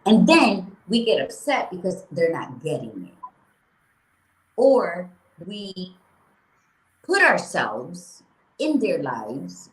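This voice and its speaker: A woman co-hosting a laid-back motivational talk, blunt and lively, swearing freely. Her voice sits a little low, and the room has a noticeable echo. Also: takes it slowly, long pauses. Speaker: podcast co-host. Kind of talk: casual motivational chat.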